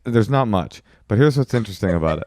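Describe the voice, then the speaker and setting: A man's voice: fairly low pitch, lively intonation, fast, a little mellow, no room sound. A man co-hosting a relationship podcast in casual, teasing, argumentative banter. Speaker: podcast co-host.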